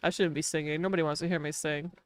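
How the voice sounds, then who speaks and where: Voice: mid-range voice, steady tone, fairly quick, fairly bright tone, no echo. Chatty streamer, strong Wisconsin accent. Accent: Wisconsin Midwestern. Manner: chatty, giggly, playfully self-mocking. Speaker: game streamer. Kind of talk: casual chat while streaming a game.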